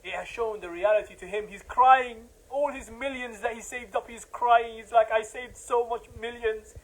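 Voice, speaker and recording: A man's voice: very high voice, steady tone, normal speed, rough recording. A man giving an impassioned religious lecture, emphatic and repetitive, building to heated outbursts.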